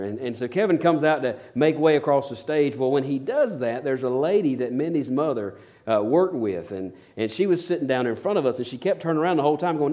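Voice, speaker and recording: A man's voice: mid-range voice, fast, a little mellow. Folksy man preaching a sermon. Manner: folksy storytelling with fillers and restarts. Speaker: pastor.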